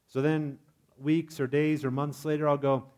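A man preaching a sermon in a lively, humorous way, asking his congregation questions. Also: on the high side, normal speed. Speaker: pastor.

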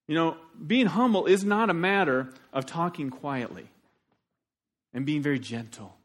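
A man preaching a sermon as pastor, animated and shifting between loud emphasis and quiet asides. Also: a little high, normal speed, pauses often.

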